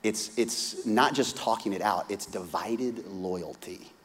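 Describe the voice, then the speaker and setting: A man preaching a sermon, retelling a story with lively, humorous asides and acted-out voices. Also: takes it slowly, husky. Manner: animated storytelling, acting out characters with big pitch swings. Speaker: pastor. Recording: hall reverb.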